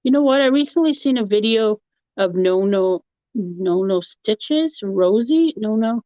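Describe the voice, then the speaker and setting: Woman, live-stream host, easygoing rambler, unhurried delivery, dry lo-fi home recording. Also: medium pitch, animated, no echo. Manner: chatty, rambling, laughs often. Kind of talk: casual chat answering a live chat. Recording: dull, lo-fi, dry sound.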